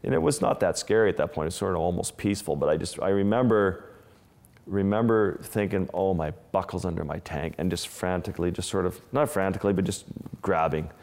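Male underwater photographer, deep voice, casual storyteller, lingering reverb on the track. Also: fairly quick, vocal fry, a little mellow. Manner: casual, restarts phrases, vivid retelling. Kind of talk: interview storytelling.

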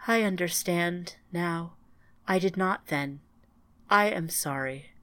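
A woman voicing an ancient, sorrowful female entity made of countless tiny machines, speaking in a calm, measured, solemn way in an audiobook. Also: on the low side, no echo. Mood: mournful.

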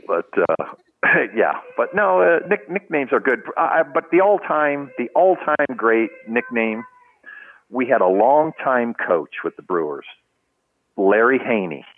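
An older man, once a baseball trainer and now retired, tells stories during a casual podcast interview, speaking in a mid-range voice at a measured pace over phone-quality sound. He's an animated storyteller who performs the voices of the people he quotes and laughs often.

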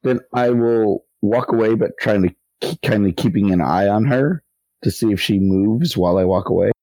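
A man's voice: lowish voice, moderate pace, dark tone, no echo. A man playing in a tabletop game who thinks aloud and speaks hesitantly about his character's next move. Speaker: player.

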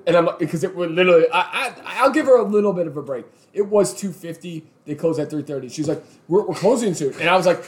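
A man who works as a tax accountant, ranting in animated, exasperated casual chat. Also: high-pitched, fast, few pauses.

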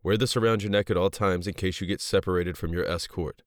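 A man's voice: sits low, steady tone, quick pace, no echo, studio quality, natural voice. A man voicing a curt gate guard.

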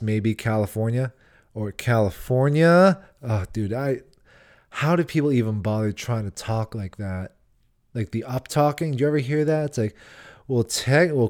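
A male comedian talks alone into his podcast mic in a loose, sarcastic rant. His voice sits at an ordinary middle pitch, and he breaks into mocking impressions of the people he complains about. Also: a little mellow. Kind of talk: casual solo podcast monologue. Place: Nashville.

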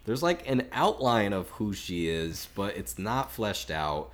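A man co-hosting a film podcast, talking through his opinions in a chatty, measured way with lots of filler words. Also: on the low side, very animated. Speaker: podcast co-host. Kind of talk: casual film review chat.

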